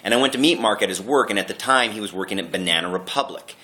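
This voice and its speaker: A man in his thirties giving a comic birthday toast, telling mocking stories in a deadpan way. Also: on the low side, fast talker. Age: 30s.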